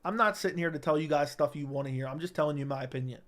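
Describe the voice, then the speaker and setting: A man's voice: a little high, very fast, fairly bright tone. Blunt, heated male MMA commentator. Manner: blunt, heated ranting with repeated phrases. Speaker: MMA commentary channel host. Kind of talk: livestream commentary. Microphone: studio broadcast mic.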